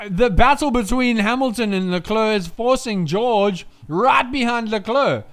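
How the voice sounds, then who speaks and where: A man giving casual live race commentary, chatty, swearing freely and moving between laid-back chatter and excited shouting. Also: sits high, unhurried, few pauses.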